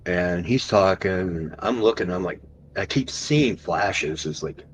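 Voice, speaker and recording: Man, deep low voice, podcast guest, animated storyteller, drawn-out pauses at tense parts. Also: a little hiss or hum, rough recording. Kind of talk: recounting an encounter story.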